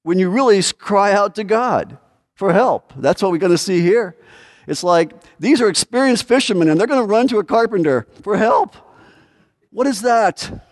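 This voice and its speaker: A male pastor preaching a conversational sermon to his congregation, asking the room rhetorical questions and acting out desperate pleas before dropping to quiet, low asides. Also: lively intonation, moderate pace. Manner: swings between raised pleading lines and low quiet asides.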